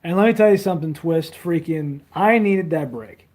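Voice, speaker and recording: A man's voice: on the high side, normal speed, a little mellow. A young man rambling casually on a phone livestream, crude and full of fillers while he reads comments. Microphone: handheld phone.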